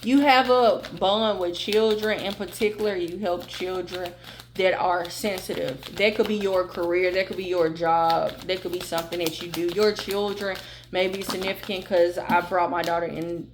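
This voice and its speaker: A woman's voice: on the low side, fairly even intonation, normal speed, noisy background. A woman giving a tarot reading to her viewers, blunt and emphatic, swearing freely and repeating phrases for emphasis. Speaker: tarot reader. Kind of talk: channel tarot reading, casual and direct to viewers.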